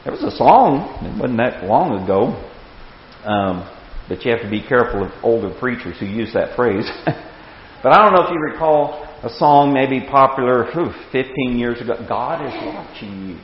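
A man in his sixties teaching a Bible class with anecdotes, animated, chuckling and repeating words as he starts sentences. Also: mid-range voice, normal speed, a little hiss or hum. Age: 60s. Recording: echoey hall, dull lo-fi sound.

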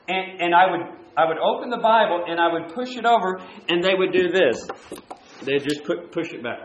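A man preaching a sermon, moving between loud, emphatic points and quieter asides. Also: on the high side, normal speed, reverberant. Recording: dull lo-fi recording.

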